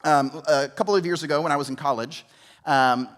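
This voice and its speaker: A man's voice: a little high, fairly quick, fairly bright tone. A young adult male pastor preaching a conversational sermon, with rhetorical questions and frequent restarts. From Georgia, US.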